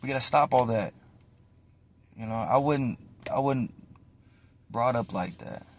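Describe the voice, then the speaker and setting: A man's voice: mid-range voice, a little slow. A man in his twenties, ranting casually and profanely to the camera from inside a parked car, tossing in slang and "bro". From United States. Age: 20s. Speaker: vlogger.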